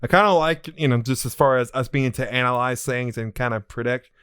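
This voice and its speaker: A man's voice: mid-range voice, fairly quick, a bit bright, clean tone, no room sound, clean studio sound. A man co-hosting a gaming podcast, chatting casually with chuckling asides and hedging restarts, and sometimes reading news items aloud. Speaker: podcast co-host.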